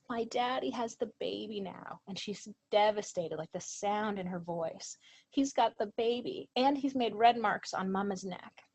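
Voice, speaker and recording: A woman presenter giving an earnest lecture to a professional training audience, animated when she quotes others. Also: fairly low pitch, breathy edge, rough recording.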